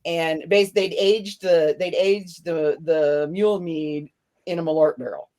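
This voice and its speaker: A podcast host, a woman with a slightly low voice. She talks in a loose, rambling way and breaks into laughter often as she chats. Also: unhurried, dark tone. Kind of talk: casual chat.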